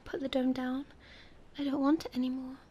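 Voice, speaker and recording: A woman voicing a proud, delicate female flower in a soft, whispered role-play. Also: high voice, flat delivery, fairly quick, husky, highs cut off. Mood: tender.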